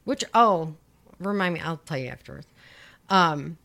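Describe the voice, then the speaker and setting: A woman with a low-pitched, fairly bright voice and some vocal fry narrates a true-crime case for her podcast. She is animated but unhurried, chatty, and prone to sarcastic, profane asides.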